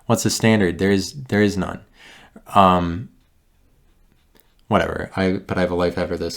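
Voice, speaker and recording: A man hosting a solo podcast, talking in a meandering, halting way with many restarts and a wry, self-mocking streak. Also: sits low, steady tone, vocal fry. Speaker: podcast host. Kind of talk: rambling solo podcast monologue.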